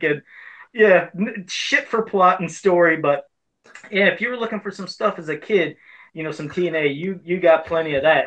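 A man's voice: sits high, a bit bright, muffled recording. A man on a podcast chatting laid-back about movies he watched growing up. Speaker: podcast co-host. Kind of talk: casual chat.

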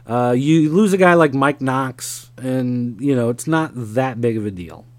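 A man rambles through wrestling business news, stopping often to say "um" as he works out his points. His voice sits at an ordinary middle pitch. The sound is dry and close, with no room echo. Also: unhurried. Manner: rambling, many "um"s, analytical. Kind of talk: casual monologue.

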